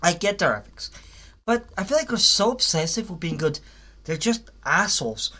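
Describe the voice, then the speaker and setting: A man's voice: high-pitched, lively intonation, normal speed, bright, forceful tone. A young man giving a casual, rambling spoken review of a cartoon series, with frequent fillers, restarts and blunt swearing.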